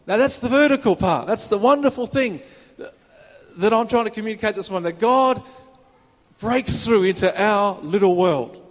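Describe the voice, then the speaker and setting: A man preaching a sermon as a minister, in a conversational way with rhetorical questions, recorded in a church hall. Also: high voice. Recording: reverberant hall.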